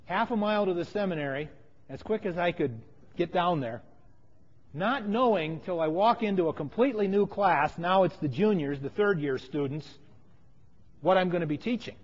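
A man with a fairly high voice preaches a sermon, mixing a personal story with scripture. He leans into key lines and then falls quiet. The recording is muffled, with a long reverb trailing off the walls. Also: normal speed. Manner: storytelling, emphatic, drops to quiet phrases. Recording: dull sound with long hall reverb.

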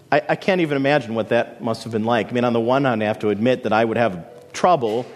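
Dramatic preaching man in a reverberant hall. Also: mid-range voice. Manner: dramatic storytelling preacher, swinging between soaring and hushed. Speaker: pastor. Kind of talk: sermon.

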